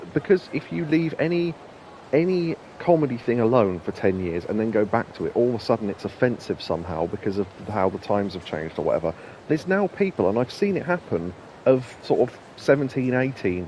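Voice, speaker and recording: A man in his thirties with a naturally deep voice, chatting casually as a gaming streamer, rambling and swearing freely. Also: a little mellow, lo-fi sound, a little hiss or hum. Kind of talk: casual let's-play commentary.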